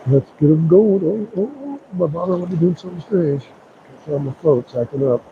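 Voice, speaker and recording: A man's voice: fairly high pitch, normal speed, phone-quality sound, a little hiss or hum. Playful man fishing outdoors. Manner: excited, playful, talks to the fish. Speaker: fishing livestreamer. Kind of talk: live fishing commentary. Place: outdoors by a river.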